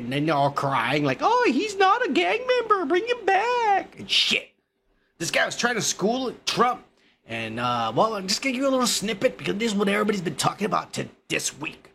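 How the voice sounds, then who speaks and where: A man rants crudely and mockingly in a gravelly, bright voice, now and then breaking into loud outbursts. A faint hiss sits under the talk. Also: a little high. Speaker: commentary vlogger. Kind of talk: profane comedic rant.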